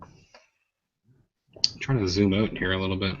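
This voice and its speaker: A man chatting casually while playing a game, speaking in a hesitant, low-key way that trails off. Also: flat delivery, slow pace, a bit bright, dull audio.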